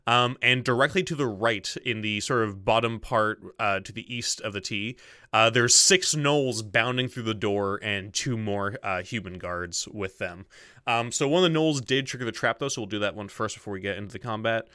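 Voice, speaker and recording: A man's voice: on the low side, normal speed, pushed and bright, smooth, no echo, clean studio sound. A man running a tabletop role-playing game as game master, describing the scene and rules with many fillers and asides to himself. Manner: many fillers, mutters to himself while setting things up.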